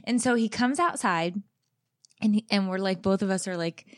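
A mother co-hosting a podcast, telling stories in a chatty, animated way and acting out the quotes. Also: medium pitch, normal speed. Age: adult mother. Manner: animated, comic storytelling with acted-out quotes. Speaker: podcast co-host. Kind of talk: casual chat.

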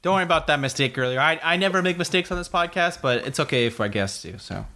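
A man's voice: a little high, fast, background noise. A man hosting a podcast, chatting casually about football picks with plenty of fillers and laughter. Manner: relaxed, laughs often, many fillers. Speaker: podcast host. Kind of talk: casual sports betting chat.

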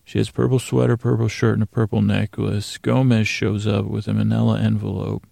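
A man's voice: lowish voice, little pitch movement, a little fast, gravelly, mellow, no room sound, studio quality. A man hosting a podcast, loosely recapping a TV episode from his handwritten notes, often correcting himself. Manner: loose, meandering, self-correcting. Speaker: podcast host.

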